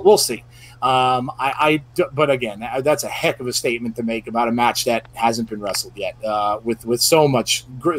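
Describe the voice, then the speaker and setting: A man hosting a casual podcast round-table, rambling along with lots of fillers and restarts. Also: medium pitch. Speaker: podcast host.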